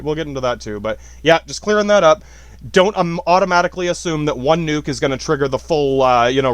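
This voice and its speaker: A man's voice: fairly high pitch, a bit bright, dry recording. A man hosting a podcast, talking in a rambling, casual way with many restarts and casual swearing. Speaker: podcast host. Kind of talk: casual spoken commentary.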